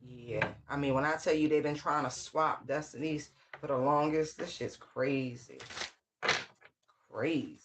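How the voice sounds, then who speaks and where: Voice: medium pitch, a little slow, slight background noise. A tarot reader giving a casual channeled reading, full of slang and swearing, who scolds with sassy call-outs and repeated phrases. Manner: slang-heavy, swears freely.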